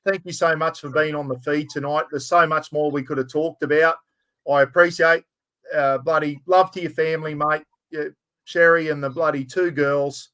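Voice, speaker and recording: A man's voice: on the high side, steady tone, moderate pace, fairly bright tone, rough recording. Chatty older Australian man. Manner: matey, says "mate" constantly. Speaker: host. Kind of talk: casual live-stream chat.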